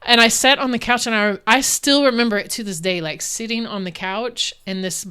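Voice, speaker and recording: A woman from Dallas with a bright, crisp, smooth voice. She talks as an interview guest, earnest and animated, circling back with restarts as she tells personal stories. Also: a little high, fairly quick. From Dallas, Texas. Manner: animated, earnest, laughs often, many restarts. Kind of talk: candid interview storytelling.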